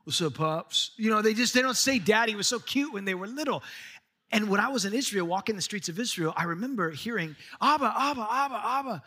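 A middle-aged male pastor delivers a sermon in a high, bright voice. He is earnest and urging, drawing out scripture slowly and lifting his pitch as he presses a point home. The delivery sounds like a live church message. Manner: earnest preaching, slows for scripture, rises in pitch when urging.

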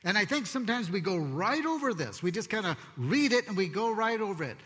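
A man preaching a sermon as pastor, expressive and conversational, telling stories with asides. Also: high-pitched, fairly quick. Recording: long hall reverb.

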